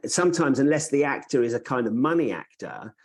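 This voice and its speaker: A man's voice: medium pitch, animated, a little fast. A man hosting a podcast interview, asking long, thoughtful questions. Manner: thoughtful, asks long questions, laughs easily. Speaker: podcast host.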